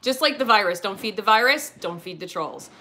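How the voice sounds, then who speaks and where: A woman's voice: mid-range voice, animated, brisk, sharp tone. A woman hosting a doll review channel, chatting casually and goofily while she unboxes a doll and answers viewer questions.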